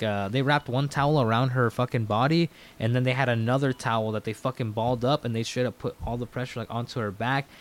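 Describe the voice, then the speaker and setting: A young man, a podcast guest, telling a story in casual talk, swearing a lot and acting out what people said. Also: medium pitch. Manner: animated, heavy swearing, acts out quoted dialogue.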